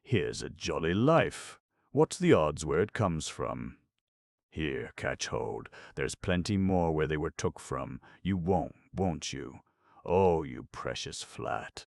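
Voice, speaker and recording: A swaggering young pickpocket, put on by a man, all boast and street slang. The voice is pushed up high and swings freely. The recording is dry and close. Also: big pitch swings, takes it slowly, creaky, a little mellow, dry recording, full character voice.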